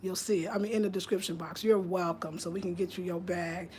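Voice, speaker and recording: A woman's voice: fairly low pitch, flat delivery, fairly quick, a little mellow, a little hiss or hum. Chatty New York woman on a livestream. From Albany, New York. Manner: chatty, loose, restarts and trails off. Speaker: livestream host. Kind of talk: casual livestream chat reading viewer comments.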